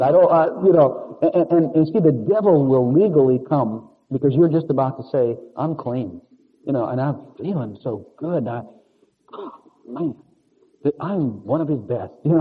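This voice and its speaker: Man, preacher, slightly breathy voice, mid pitch, casual confessional sermon, phone-quality audio. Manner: rambling, confessional, chuckling asides. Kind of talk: conversational sermon. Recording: narrow phone-like lo-fi sound.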